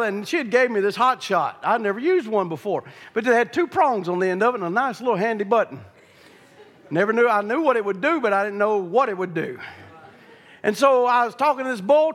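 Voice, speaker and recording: A male preacher, telling a folksy story in his sermon that builds into shouted preaching. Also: high-pitched. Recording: long reverb of a large hall.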